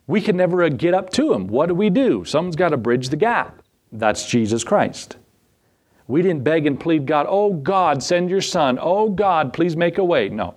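A man's voice: fairly high pitch, darkish tone. Folksy man teaching the Bible. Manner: folksy, asks the listeners rhetorical questions. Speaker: pastor.

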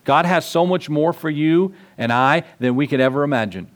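A man's voice: a little high, normal speed. A man preaching a sermon in a church, passionate and full of questions to the congregation. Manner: impassioned, rhetorical questions to the congregation. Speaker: pastor.

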